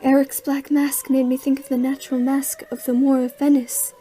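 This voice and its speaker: A woman's voice: high voice, flat delivery, moderate pace, slight background noise, lightly acted. A woman playing a haunted young woman recounting. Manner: hushed, haunted recounting, rising into frantic cries. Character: young woman recalling a terrifying captivity. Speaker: actress narrating in a student short film. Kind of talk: dramatic storytelling narration.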